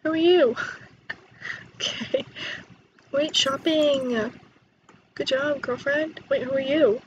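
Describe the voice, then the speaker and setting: A young woman chatting excitedly while playing a life-sim game, quick to gasp and exclaim. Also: sits high, highs cut off, slight background noise. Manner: excitable, chatty, gasps and laughs. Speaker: gaming YouTuber. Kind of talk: let's play commentary.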